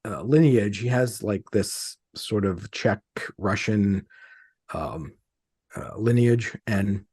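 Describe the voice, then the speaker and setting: Middle-aged male author guest, lowish husky voice, halting delivery, dry sound. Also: warm tone, dry recording. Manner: hesitant, many fillers and restarts. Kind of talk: conversational interview.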